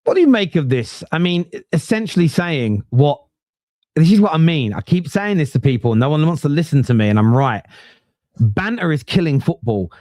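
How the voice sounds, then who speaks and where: A forty-something man hosts a casual football chat. His voice sits a little high and sounds close and dry, and he talks in a laid-back, bantering way. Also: very animated, a little fast, mellow, no room sound. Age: 40s. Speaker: podcast host.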